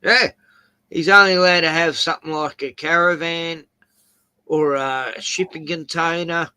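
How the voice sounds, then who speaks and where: Aussie guy hosting a chat, slow rambly stories, bright tone, dry close sound. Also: fairly high pitch, fairly even intonation, clean tone, dry recording. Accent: Australian. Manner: rambling, anecdotal storytelling with chuckles. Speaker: host. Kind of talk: casual chat.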